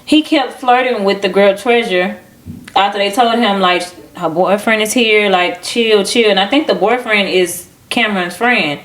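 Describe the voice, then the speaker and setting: A woman co-hosting a podcast, telling stories in a lively casual way and acting out what people said. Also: medium pitch, normal speed. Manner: animated storytelling, acting out quoted people. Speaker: podcast co-host. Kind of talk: casual chat.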